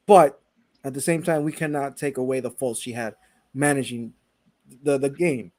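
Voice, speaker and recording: A man's voice: mid-range voice, steady tone, moderate pace, a little mellow, no room sound. A man co-hosting a gaming podcast, talking emphatically and insisting on his point with repeated denials. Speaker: podcast co-host. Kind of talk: casual podcast chat.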